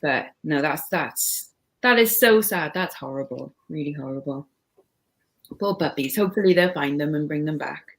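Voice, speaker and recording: A woman's voice: low-pitched, normal speed. A woman co-hosting a casual livestream, talking with lots of fillers like "like" and "you know.". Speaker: livestream co-host. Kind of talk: casual chat.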